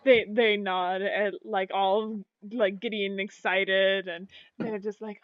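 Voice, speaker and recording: A woman's voice: mid-range voice, level tone, takes it slowly, no room sound. A woman narrating as game master of a tabletop game, in a casual way full of "like" and "kinda". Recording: dull lo-fi dry recording.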